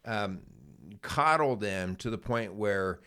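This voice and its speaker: Man, middle-aged, low voice, podcast co-host, casual storytelling, lots of fillers. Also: expressive, slow pace, pushed and bright, clear, resonant tone. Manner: rambling, with many fillers and restarts.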